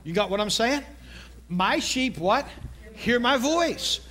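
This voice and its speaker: A middle-aged male pastor preaching a sermon, telling a story with lively asides and repeated phrases. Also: very high voice, slow.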